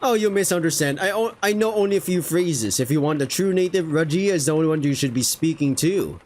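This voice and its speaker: A man's voice: fairly high pitch, brisk, a little mellow, a little hiss or hum, lightly acted. A man voicing a chatty, boastful male falcon sailor in a game, speaking in a friendly, showing-off tone. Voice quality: friendly, show-off tone.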